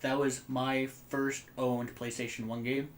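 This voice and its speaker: A man's voice: medium pitch, a little slow. A man in his twenties co-hosting a casual podcast, telling rambling stories with lots of fillers and swearing. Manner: rambling, animated storytelling with frequent fillers and swearing. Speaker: podcast co-host. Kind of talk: casual chat.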